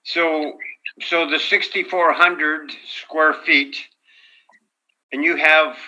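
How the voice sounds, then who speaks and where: Man, board chair, slow measured speech, sharp tone, lo-fi recording. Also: on the high side, steady tone. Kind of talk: chairing a formal hearing. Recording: dull lo-fi room audio.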